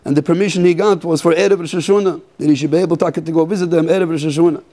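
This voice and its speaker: Mellow rabbi, throat-clearing sermon. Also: male voice, on the high side, steady tone. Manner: halting, repeats words, clears throat often.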